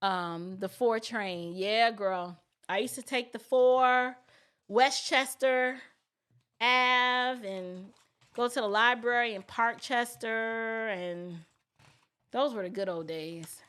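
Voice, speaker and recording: Chatty middle-aged woman hosting a casual livestream, slightly high voice, folksy and talking straight to viewers. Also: slow pace, fairly bright tone, smooth. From New York City. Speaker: livestream host.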